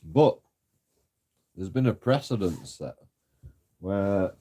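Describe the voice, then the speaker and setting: A man's voice: deep voice, lively intonation, slow pace, dark tone. A young man telling a story in a casual, sweary rant, often laughing and mocking. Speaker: vlogger. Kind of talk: casual ranting monologue.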